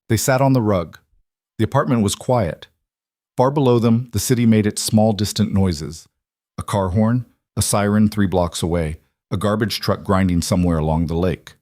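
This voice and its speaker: A man narrating an audiobook in calm, even, measured short sentences. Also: fairly low pitch, dry recording, studio quality.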